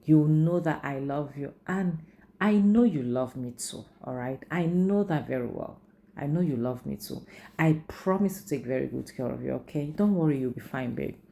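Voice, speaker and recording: Low gravelly woman. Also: mellow, a little hiss or hum. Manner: chatty, heavy use of "like" and "you know". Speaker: film reviewer. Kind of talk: casual movie recap and commentary.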